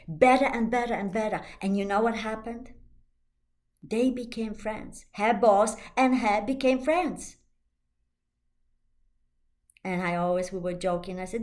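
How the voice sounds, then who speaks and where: A woman life coach giving a motivational talk, slow and emphatic, soothing and repetitive, with slightly non-native English phrasing. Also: a little high, a little mellow.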